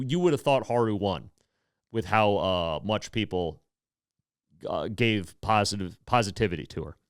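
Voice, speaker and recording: A man in his thirties hosting a podcast, talking in a rambling, animated way with swearing and emotional swings. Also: lowish voice, clear, resonant tone, no echo, studio quality. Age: 30s. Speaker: podcast host. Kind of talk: casual comedic monologue.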